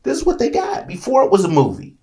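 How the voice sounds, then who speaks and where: Man, AAVE speech, gravelly voice that rises and falls a lot, preachy and emphatic, monologue to camera. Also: very high-pitched, huge pitch swings, fast talker, warm tone. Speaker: author and commentator. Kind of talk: impassioned monologue.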